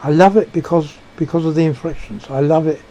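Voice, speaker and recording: A man giving a reflective monologue, halting and searching for words with frequent restarts. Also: a little high, fairly even intonation, dark tone, dull audio. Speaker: speaker sharing personal beliefs.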